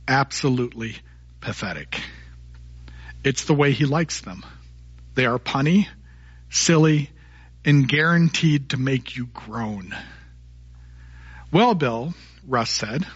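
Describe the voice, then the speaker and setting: Husky pastor preaching a folksy sermon. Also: male voice, a little high, fairly bright tone, muffled recording. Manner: storytelling, folksy, punny jokes.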